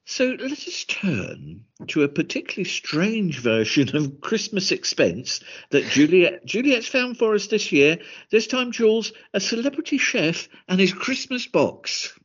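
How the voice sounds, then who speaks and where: Husky man, dry podcast co-host. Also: sits high, big pitch swings, unhurried, hardly any pauses, a bit bright. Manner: dry, amused delivery. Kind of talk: casual chat. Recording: dull lo-fi recording.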